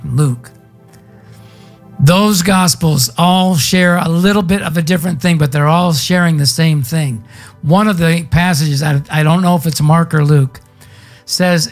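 A pastor giving a sermon in a folksy, conversational storytelling way with casual slang. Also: medium pitch.

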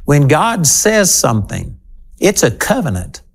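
A man's voice: on the high side, wildly swooping pitch, a little slow, vocal fry. A man teaching the Bible on his broadcast program. He talks straight to his listeners, and his voice leaps up on key points. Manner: emphatic, talking straight to listeners.

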